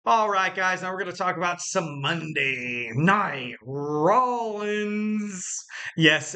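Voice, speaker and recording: A man hosting a wrestling podcast alone, rambling casually with jokes, fillers and quick self-corrections. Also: fairly high pitch, sharp tone. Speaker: podcast host.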